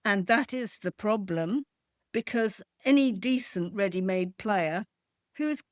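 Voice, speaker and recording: A woman's voice: mid-range voice, lively intonation, takes it slowly, no echo, clean studio sound. A woman co-hosting a podcast, talking football in a wry, blunt way. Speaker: podcast co-host. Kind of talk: casual football chat.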